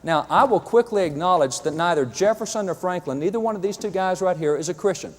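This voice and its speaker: With a high-sitting voice and quick pace, a man lectures on history with slides, emphatic and wry. He frequently reads quotations aloud, and the recording carries a long hall reverb.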